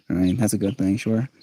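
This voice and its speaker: A man streaming live, chatting casually in a soft, rambling, musing way. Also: lowish voice, distant mic, slight background noise.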